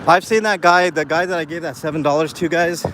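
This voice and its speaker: A man with a higher, fairly bright voice and fairly even intonation speaks briskly to his live chat while strolling a city street. His walking vlog is an earnest, filler-heavy ramble, with soft outdoor street and traffic sounds in the background.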